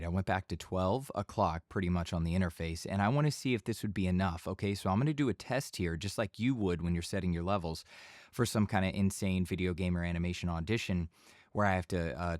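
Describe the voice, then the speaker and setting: A man giving a casual voice-over tutorial in a home studio, speaking in a relaxed conversational tone into a studio microphone. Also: sits low, fast, dry recording. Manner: relaxed conversational teaching, occasional bursts of yelling demos. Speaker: voice-over instructor.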